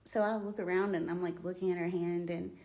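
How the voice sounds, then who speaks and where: A woman's voice: on the low side, level tone, fairly quick, mellow. Rambling woman telling ghost stories. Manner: rambling, full of "like" fillers. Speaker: vlogger. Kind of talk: casual storytelling. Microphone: phone.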